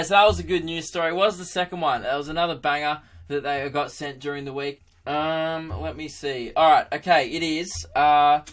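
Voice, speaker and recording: A young man in his twenties hosting a podcast, telling crude jokes in an animated, casual monologue with frequent laughter. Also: fairly high pitch. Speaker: podcast host, comedian.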